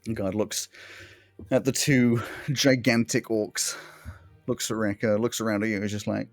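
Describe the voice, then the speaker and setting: A man's voice: on the low side, fairly even intonation, unhurried, no room sound, faint music behind. A man narrating a tabletop game as the game master in a laid-back manner. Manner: laid-back, chuckling often.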